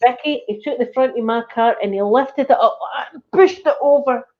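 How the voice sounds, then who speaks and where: Scottish woman telling a lively story. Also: on the high side, moderate pace. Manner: animated storyteller, acts out quoted voices. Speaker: channel host. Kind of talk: casual storytelling chat. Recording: slightly dull lo-fi recording.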